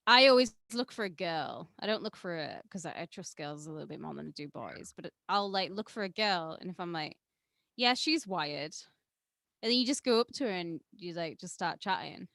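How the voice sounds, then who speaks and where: A woman co-hosting a podcast, teasing and lively in casual chat. Her voice is fairly low yet bright and sharp. It is recorded dry and close. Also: moderate pace, gravelly, no room sound. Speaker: podcast co-host.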